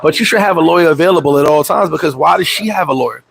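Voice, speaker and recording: A man's voice: fairly high pitch, rapid-fire, creaky, low-quality recording. A man who lives abroad telling a story on his livestream, swearing often and acting out the other people in it. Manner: profane, animated storytelling. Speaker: vlogger. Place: Dominican Republic.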